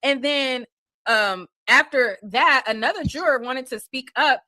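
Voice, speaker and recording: A woman's voice: high-pitched, unhurried, sharp tone, dry recording. A woman hosting a livestream, casually retelling a court hearing in a rambling way with many fillers and restarts. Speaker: livestream host.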